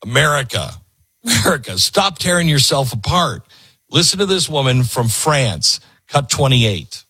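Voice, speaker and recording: A man's voice: mid-range voice, big pitch swings, a little slow, sharp tone, slightly rough, no room sound. A man hosting a reaction show who stops clips to comment emphatically. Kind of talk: fired-up commentary.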